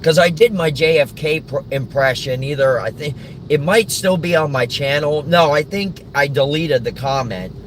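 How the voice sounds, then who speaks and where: A man's voice: a little high, moderate pace, a little hiss or hum. A man vlogging from his car in a casual, rambling monologue, often chuckling.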